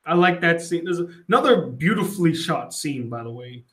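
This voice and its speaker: A young man's fairly high-pitched voice moves at a normal speed as he, a film critic, casually summarizes a movie one scene at a time. His retelling is animated, with the characters' lines acted out.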